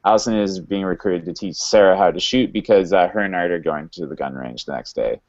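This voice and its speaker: Deep-voiced man recapping, full of fillers. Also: a little mellow. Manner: halting, many fillers and restarts. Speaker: podcast host recapping episodes. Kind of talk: casual recap chat. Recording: dull lo-fi sound.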